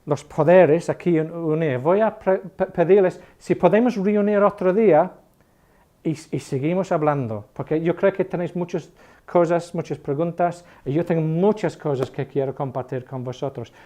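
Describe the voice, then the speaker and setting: Teaching an online class in a loose, jokey way, this educated Northern English man in his fifties frequently breaks off and restarts his sentences. He talks a little fast, with a voice that sits slightly high but sounds warm and mellow.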